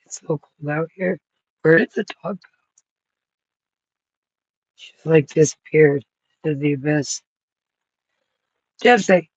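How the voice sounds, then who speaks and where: A man's voice: on the high side, steady tone, a little slow, pauses often, breathy edge, dry recording, lo-fi sound. A man in his thirties vlogging outdoors on a cold, rainy night, rambling and swearing freely as he thinks aloud. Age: 30s. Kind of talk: rambling casual vlog talk.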